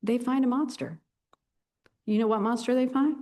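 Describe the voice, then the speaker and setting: A woman's voice: fairly high pitch, normal speed, pauses often, darkish tone. An older woman preaches to her congregation with theatrical flair. Her delivery is playful and emphatic, and she drives her points home with dramatic weight. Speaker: pastor. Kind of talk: sermon.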